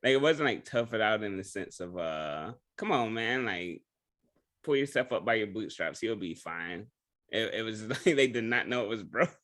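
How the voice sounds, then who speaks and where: A man chats on a podcast in a slightly low voice. He talks eagerly and fires off questions. He often stumbles and starts his sentences over. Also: normal speed. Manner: excited questions, stumbling restarts. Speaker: podcast co-host. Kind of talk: casual chat.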